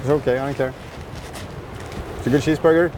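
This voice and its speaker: A man's voice: medium pitch, steady tone, quick pace, noisy background. A man with a Swedish accent hosting a casual live fishing stream from a boat, chatting with viewers and asking his guest questions. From Sweden. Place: on a boat at sea, outdoors.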